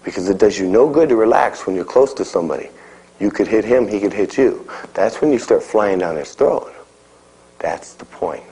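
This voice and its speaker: Low, mellow-voiced man coaching a class. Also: lively intonation, normal speed, poor audio. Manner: coaching, calls out drills, frequent "okay?". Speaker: martial arts instructor. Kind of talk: live instruction to a class.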